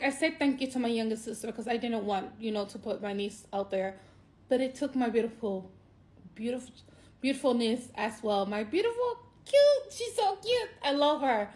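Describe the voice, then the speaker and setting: Woman, fairly high voice, vlog monologue, near tears, halting, repeats herself. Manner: tearful, halting, repeats herself, voice jumps up when moved. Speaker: vlogger. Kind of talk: emotional personal monologue.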